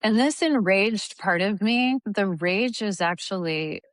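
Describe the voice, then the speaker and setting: A woman in her fifties, a therapist guest talking in an animated way and sometimes acting out angry lines. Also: medium pitch, takes it slowly, no echo, studio quality. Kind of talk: conversational interview.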